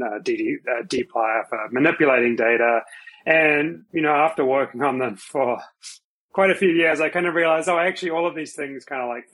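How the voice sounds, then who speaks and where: A man's voice: medium pitch, fairly bright tone, low-quality recording. Male guest, New Zealand accent, thoughtful and self-deprecating, lots of restarts. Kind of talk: explaining in an interview.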